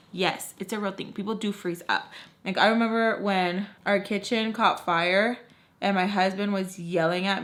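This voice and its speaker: A young adult woman chatting casually in a storytime video, full of "like" and acting out what people said. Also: mid-range voice. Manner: animated, heavy use of "like", acts out quotes. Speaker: vlogger telling a story.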